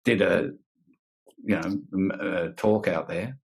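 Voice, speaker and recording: An older man with an Australian accent, a guest musician speaking in a halting, reflective way. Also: sits low, creaky, slightly rough, poor audio. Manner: halting, reflective, with many fillers and restarts. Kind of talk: candid conversation.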